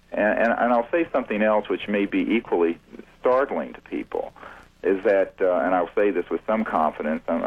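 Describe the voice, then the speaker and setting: Deep-voiced male researcher, husky, halting and deliberate, heard over a tinny phone line. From United States. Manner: deliberate, halting with many fillers and restarts. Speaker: UFO researcher guest. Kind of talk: radio interview.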